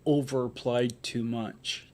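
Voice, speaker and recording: A man co-hosting a live stream chat, talking in a relaxed way with some hesitation. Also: medium pitch, slow. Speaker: co-host.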